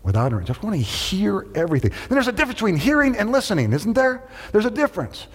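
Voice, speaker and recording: A male pastor delivers a sermon with a lively, swooping delivery, teasing and chatting with his congregation. His voice carries a long reverberant tail from the church hall around him. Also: high-pitched, fast, slightly rough. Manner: animated, conversational, joking with the congregation. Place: church sanctuary.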